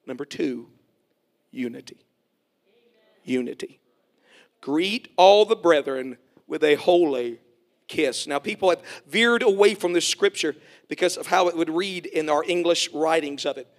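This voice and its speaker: A middle-aged man preaching a sermon. He calls for amens, jokes folksily, and swells to shouts. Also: on the high side, normal speed. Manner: folksy, joking asides.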